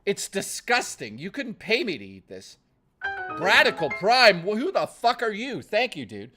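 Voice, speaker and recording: A man chatting casually on a livestream, ranting in a profane, excitable way and jumping from topic to topic. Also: sits high, measured pace, music in the background. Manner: jumps topic to topic.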